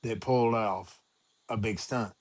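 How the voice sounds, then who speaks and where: A man's voice: lowish voice, steady tone, measured pace. A man co-hosting a podcast, blunt and swearing freely in casual chat.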